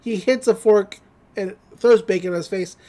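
A podcast host giving a casual, giggly recap of a cartoon episode, retelling scenes in an animated way. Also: medium pitch, normal speed.

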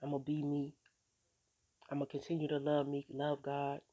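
A woman's voice: sits low, completely flat delivery, moderate pace, warm tone, husky. Laid-back streetwise woman vlogging about faith. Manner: laid-back, streetwise, repeats "you know what I'm saying"; encouraging, preachy, swears casually. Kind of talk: casual faith-filled vlog monologue.

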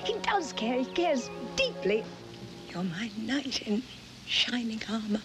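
An actress playing an older mother who gently reassures her grown daughter in a film scene, speaking softly and tenderly. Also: fairly high pitch, very animated, slow pace. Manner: tender, soft-spoken, fades to a whisper. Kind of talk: film dialogue. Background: music score.

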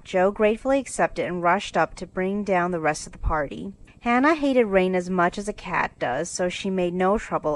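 A woman narrating a classic storybook in a steady, clear reading for English learners. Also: lowish voice, poor audio.

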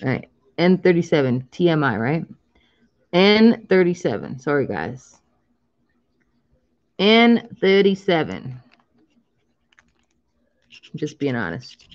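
This woman in her thirties has a low voice and the sound is lo-fi. She scratches lottery tickets during a casual live stream, stretching out the numbers as she reads them and laughing a lot.

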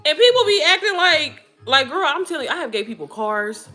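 A woman in her thirties chats casually with her viewers, swooping all over her register in a fairly high, bright voice. She calls them girl and baby as she talks. Music plays quietly behind her. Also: fairly quick. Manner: chatty, animated, addresses listeners as girl and baby. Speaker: vlogger talking to viewers while cooking. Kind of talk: casual chat.

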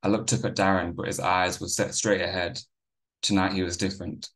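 A man reading his own novel aloud in a measured first-person narration. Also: sits low, little pitch movement, fairly bright tone.

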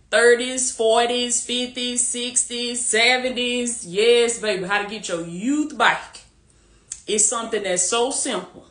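Speaking into a phone or webcam, a bright-voiced faith-based life coach rallies her livestream audience in a casual pep talk. Her voice is a little high and reverberant, and she's repetitive, preachy yet warm, laughing frequently.

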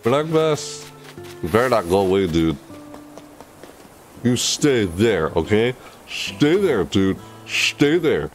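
A man streaming a game, chatting casually and rambling with jokes, sometimes breaking into loud high squeals. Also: sing-song, slow, long pauses, faint music behind. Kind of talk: casual gameplay commentary.

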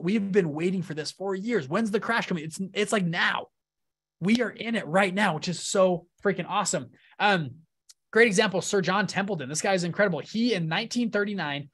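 Energetic man presenting, slightly high voice. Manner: energetic, enthusiastic, keeps checking in with "right?" and "okay?". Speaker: fund-launch presenter at a live event. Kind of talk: live seminar talk to an audience.

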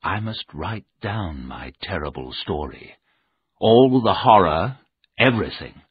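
Slow husky male storyteller. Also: sits low, no room sound. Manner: slow, expressive, with lively rise and fall. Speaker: audiobook narrator. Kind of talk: scripted story narration. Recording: narrow tinny sound.

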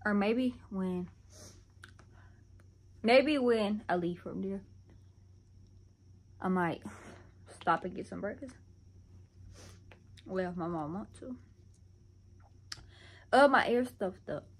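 A woman's voice: mid-range voice, slow, pauses often, breathy edge. A young woman chatting to her viewers in a casual get-ready-with-me vlog, constantly calling them y'all. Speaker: vlogger. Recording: background noise with passing vehicles.

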